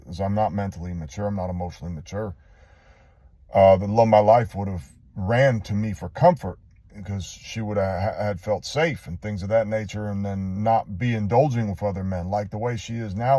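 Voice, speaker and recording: A man speaks in a dark, mellow voice, earnest and confessional as he works through his own story. He rambles and halts, restarting his sentences often. The sound is close and dry, with no room around it. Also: fairly low pitch, dry recording. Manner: halting, rambling, with many restarts. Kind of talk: personal testimony monologue.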